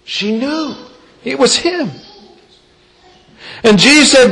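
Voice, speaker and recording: A man preaching a sermon, reading scripture and retelling it with dramatic storytelling and big swings in pitch and loudness. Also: huge pitch swings, unhurried, long pauses. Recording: long hall reverb.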